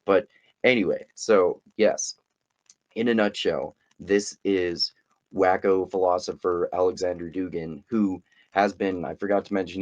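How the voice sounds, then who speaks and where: Male host, low-pitched, rambling and profane, sarcastic book commentary. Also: darkish tone, lo-fi sound.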